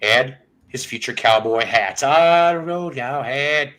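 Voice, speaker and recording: Male host, easygoing rambler, salty jokes, average pitch. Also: takes it slowly, fairly bright tone, rough recording. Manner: rambling, jokey, swears freely. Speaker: podcast host. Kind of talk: casual chat.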